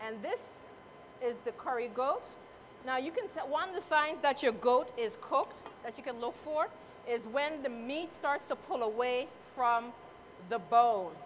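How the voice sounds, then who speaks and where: A woman's voice: high voice, expressive, unhurried, slight background noise. A woman doing a live cooking demonstration at a competition, chatting to the audience and judges in a motherly, playful way as she cooks. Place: cooking competition event space.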